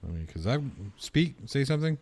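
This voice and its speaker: A man's voice: medium pitch, sing-song, fairly quick, darkish tone. A man helping fix a podcast livestream, joking casually as he sorts the sound. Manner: joking, easygoing. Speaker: stream tech helper. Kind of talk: livestream chat.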